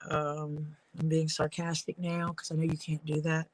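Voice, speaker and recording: A woman's voice: low voice, flat delivery, slow, fairly bright tone, no echo, low-quality recording. A woman leatherworker rambling through casual stories while she works at her craft. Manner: rambling, storytelling.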